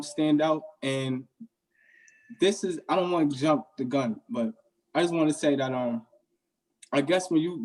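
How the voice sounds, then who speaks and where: A man on a discussion panel, speaking casually and haltingly with many fillers. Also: fairly high pitch, darkish tone, rough recording.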